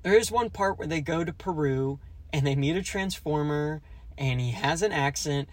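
A man's voice: fairly high pitch, normal speed, dry recording. Man hosting a jokey solo movie podcast. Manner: jokey, ranting, mock-conspiratorial; acts out quoted lines in raised voices. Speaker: podcast host.

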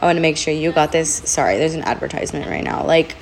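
A woman's voice: sits low, expressive, fast talker, vocal fry, few pauses, faint music behind. A young woman hosting a podcast, talking candidly and rambling about her hectic life while in back pain. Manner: candid, rambling, frequent "like" and "literally". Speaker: podcast host. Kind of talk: casual venting monologue. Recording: poor mic with faint background hiss.

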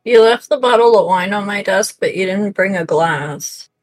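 A woman's voice: mid-range voice, normal speed, poor audio. A woman co-hosting a casual podcast, often exasperated by the others' jokes. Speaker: podcast co-host. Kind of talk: casual banter.

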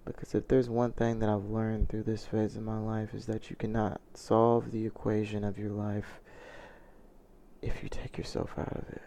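A man's voice: lowish voice, monotone, moderate pace, vocal fry, warm tone, slight background noise. A man telling a personal story in a confessional vlog, earnest and reflective, often restarting his sentences. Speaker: vlogger.

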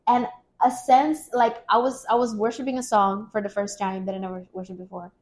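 A woman's voice: medium pitch, little pitch movement, brisk, a little mellow. A woman hosting a faith podcast, telling an emotional personal testimony in an earnest way with many fillers. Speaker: podcast host.

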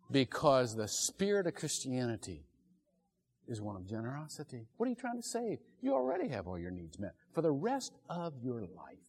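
A man's voice: mid-range voice, wildly swooping pitch, moderate pace, a little mellow. A middle-aged man preaching a sermon as pastor, telling stories with animation and laughing often. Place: church sanctuary. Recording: echoey church hall.

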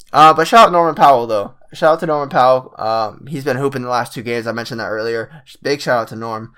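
A man with a bright, forceful voice rants casually about his basketball team. He rambles through filler words and slang, swears freely, and keeps climbing into loud, exasperated outbursts. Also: mid-range voice, quick pace, hardly any pauses, clear, resonant tone. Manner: rambling and profane, gets worked up and loud. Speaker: sports fan vlogger. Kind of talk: casual basketball fan rant.

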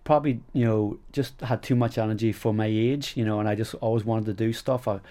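A middle-aged man with a Northern Irish accent speaks in a fairly low voice. He tells stories as an interview guest in a chatty, rambling way, padding his sentences with "you know". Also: steady tone, fairly quick, warm tone. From Northern Ireland. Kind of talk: casual storytelling interview.

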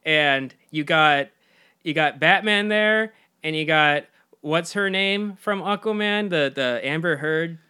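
Bright-voiced man riffing on movies. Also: on the high side, slow pace, clean tone. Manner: laughs often, quotes characters in mock voices. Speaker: podcast co-host. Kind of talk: casual movie review chat.

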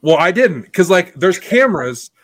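A man's voice: high-pitched, big pitch swings, moderate pace, a bit bright, dry recording. A man telling a story in a casual podcast chat, blunt and profane, acting out the lines of everyone in it. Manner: acts out quoted dialogue. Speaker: podcast guest.

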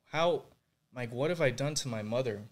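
A man's voice: medium pitch, moderate pace. Young adult male guest, earnest, reflective, filler-heavy, mid-range voice. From Puerto Rico. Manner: earnest and reflective, heavy use of "like" and "you know". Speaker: guest sharing his faith testimony. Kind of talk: candid interview conversation.

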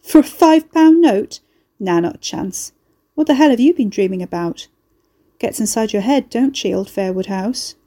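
A man's voice: high-pitched, normal speed, hardly any pauses, dark tone. A woman voicing a sly, mocking man who is the heroine's neighbour, slangy and cheeky.

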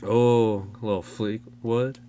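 A man's voice: lowish voice, flat delivery, slow pace, dark tone, slight background noise. A young man co-hosting a podcast in loose, joking casual chat, rambling with plenty of fillers. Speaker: podcast co-host.

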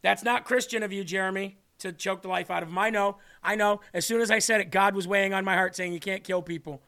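A man's voice: sits high, fairly even intonation, fast talker, gravelly, sharp tone. A man hosting his own livestream show, giving heated, combative political commentary in an emphatic, ranting manner.

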